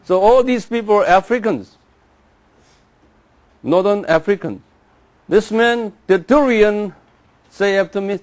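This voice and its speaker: A man lectures to a class in a fairly high voice. He moves slowly and deliberately, drilling pronunciations and asking listeners to repeat after him. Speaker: Bible teacher.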